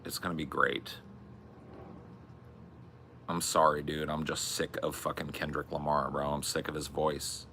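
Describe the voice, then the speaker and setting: A man's voice: a bass voice, monotone, measured pace, long pauses, bright, forceful tone, slight background noise. A man co-hosting a podcast, rambling through a profane, exasperated comedic rant. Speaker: podcast co-host.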